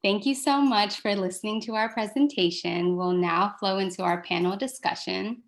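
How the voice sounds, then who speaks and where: A woman reading a prepared research presentation in a steady, measured way. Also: mid-range voice.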